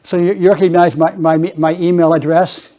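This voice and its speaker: An older man giving an informal presentation to a small group, halting, with many restarts and repeated words. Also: a little high, little pitch movement, mellow. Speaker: guest speaker. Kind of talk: informal presentation with audience chat.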